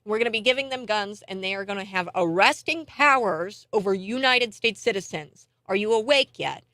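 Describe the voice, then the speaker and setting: A woman hosting a morning talk radio show, getting indignant and animated as she rants and laughs in scorn. Her voice sits in a middle pitch. It is recorded close and dry on a studio mic. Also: moderate pace, no room sound. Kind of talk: heated political talk radio monologue.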